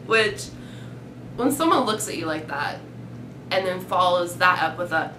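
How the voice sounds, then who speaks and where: Bright-voiced young woman telling stories. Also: on the low side, normal speed. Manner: animated, acting out quotes. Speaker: vlog co-host. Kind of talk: casual storytelling. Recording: echoey room with faint noise.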